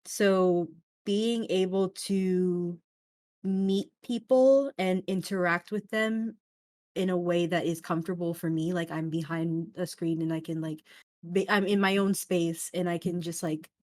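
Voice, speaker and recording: A young woman streamer chatting as an interview guest, talking in animated bursts that swing high and low, with many fillers. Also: measured pace, no echo, clean studio sound. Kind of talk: casual interview chat.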